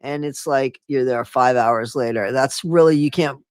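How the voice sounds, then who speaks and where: A woman hosting a live stream, chatting casually and excitably with her viewers. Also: extremely low pitch, normal speed, smooth, no echo, studio quality. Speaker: streamer host.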